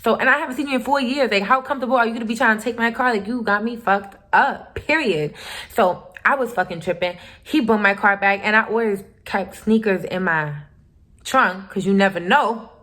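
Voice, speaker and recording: A woman's voice: fairly high pitch, brisk, a bit bright. A young woman telling a story to her channel in a candid, profane and emphatic way. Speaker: vlogger. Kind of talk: casual storytime.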